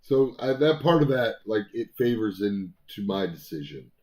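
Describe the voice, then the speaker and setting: A man's voice: on the low side, big pitch swings, moderate pace, darkish tone. A man co-hosting a casual album review chat, talking in a rambling way with many fillers and restarts.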